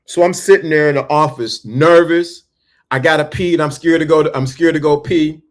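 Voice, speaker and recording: A man telling a story in a talk, animated and full of stammering restarts. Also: a little high, normal speed. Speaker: speaker.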